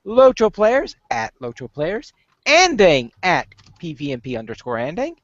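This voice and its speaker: Playful female podcast co-host, unhurried and animated, lo-fi dry recording. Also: on the low side, no echo. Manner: playful, theatrical when reading a silly poem. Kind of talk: casual podcast chat.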